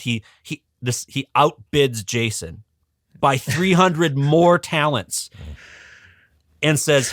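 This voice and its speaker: Animated storytelling man, dry close sound. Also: medium pitch, no room sound. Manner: animated, chuckling, many restarts. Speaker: guest educator. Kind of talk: casual storytelling on a podcast.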